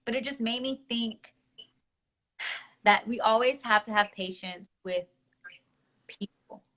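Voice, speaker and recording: A woman interviewing over a video call, telling stories in an animated way. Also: a little high, slow. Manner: animated storyteller.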